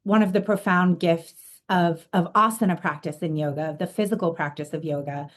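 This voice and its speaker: A woman who is a podcast host and coach conducts a casual interview, speaking earnestly and reflectively with frequent fillers. Her voice sits on the low side, with fairly even intonation and a slightly quick pace.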